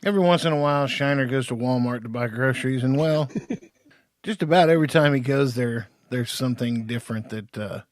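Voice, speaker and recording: A man's voice: medium pitch, brisk, dry recording, studio quality. A man co-hosting a podcast, talking in a casual, rambling way with lots of fillers. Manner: rambling, many fillers, laughs. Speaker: podcast co-host. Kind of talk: casual chat.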